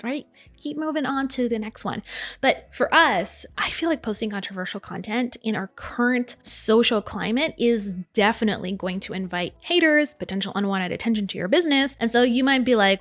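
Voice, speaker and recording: A woman's voice: on the high side, moderate pace. Chatty woman giving marketing advice. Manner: chatty and candid, asides to viewers. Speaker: small business marketing vlogger. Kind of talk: casual advice vlog.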